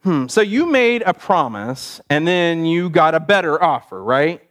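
A man playing a father giving his son slow, teasing advice in a sermon story. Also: fairly high pitch, expressive, fairly bright tone. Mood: wry.

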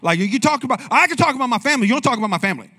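A man's voice: very high voice, expressive, rapid-fire, bright, forceful tone. A young adult male pastor giving a conversational sermon, often asking the congregation questions.

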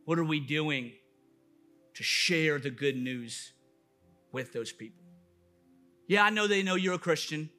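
A man's voice: a little high, unhurried, pauses often, bright, forceful tone, faint music behind. A man preaching a sermon as a pastor, building with emphatic, repeated questions. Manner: impassioned preaching with rising emphatic repetition.

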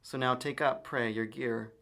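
A man's voice: medium pitch, fairly even intonation, a little slow, gravelly, fairly bright tone. A man reading the lines of an old blind father giving a solemn blessing. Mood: weary.

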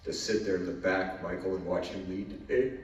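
A man preaching a fervent sermon from a distance in a very echoey church hall, his voice ringing off the walls. He moves between soft, reflective passages and loud, pleading calls in prayer. A faint hum of the room sits behind him. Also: deep voice, fairly even intonation, fairly quick. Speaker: guest preacher. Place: church sanctuary.

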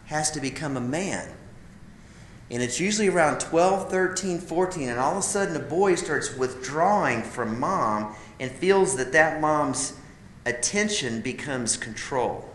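A man's voice: a little high, fairly bright tone, reverberant, slight background noise. A man teaching a live class of men conversationally, emphatic, calling them "guys" and asking rhetorical questions. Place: classroom or meeting room.

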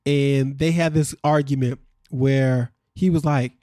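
A man's voice: medium pitch, steady tone, takes it slowly, mellow, no echo, clean studio sound. A man hosting a podcast, recapping a reality show in casual chat and acting out what people said.

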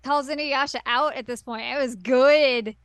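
A woman's voice: sits high, fairly even intonation, a little slow, clear, resonant tone, no room sound. A woman co-hosting a casual chat, playfully chiming in with quips while recapping a cartoon episode. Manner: laughing, playful, chimes in with quips. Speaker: podcast co-host.

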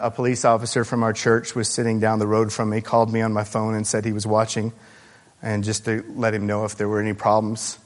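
Pastor, man, mid-range voice; heartfelt sermon delivery, stops and restarts, recorded in a big reverberant church hall. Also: mid-range voice. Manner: earnest, halting storytelling with many restarts.

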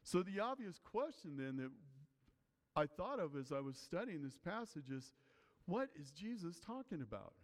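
A man gives a sermon as pastor, earnest and explanatory as he reads scripture aloud. His voice sits a little high for a man. A long hall reverb trails behind every phrase. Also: big pitch swings, normal speed.

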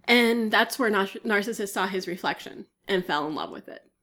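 This podcast co-host sounds animated, speaking at normal speed in a mid-range, somewhat bright voice. She's retelling a myth conversationally, with many fillers and regular coughs.

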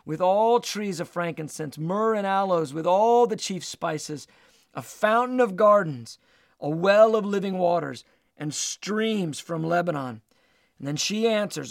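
A man's voice: high-pitched, creaky, no room sound, clean studio sound. A man preaching a sermon, reading scripture aloud and teaching with emphatic delivery.

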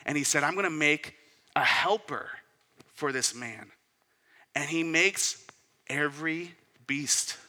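Bright-voiced preacher in a reverberant hall. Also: male voice, on the high side. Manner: conversational preaching with asides and rhetorical questions. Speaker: pastor. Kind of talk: sermon.

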